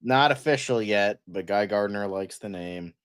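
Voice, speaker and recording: Joking, low-voiced male podcast co-host. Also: moderate pace, fairly bright tone, clear, resonant tone. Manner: joking, rambling with fillers. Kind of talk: casual pop-culture chat.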